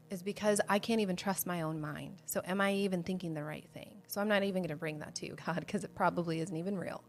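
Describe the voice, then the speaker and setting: A woman hosting a livestreamed devotional Bible teaching, speaking earnestly and conversationally to her viewers and candidly sharing her own struggles of faith. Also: medium pitch. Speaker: host of a Bible study show.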